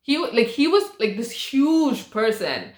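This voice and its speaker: A woman's voice: a little high, very animated, takes it slowly. A young adult woman rambling through a casual story as a vlogger, with lots of fillers and swearing. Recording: roomy echo.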